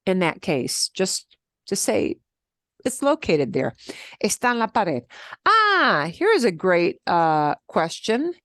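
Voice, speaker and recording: A woman teaching a beginner Spanish class, explaining step by step in an animated way and laughing often. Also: medium pitch, slow pace, no room sound, clean studio sound. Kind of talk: beginner language lesson.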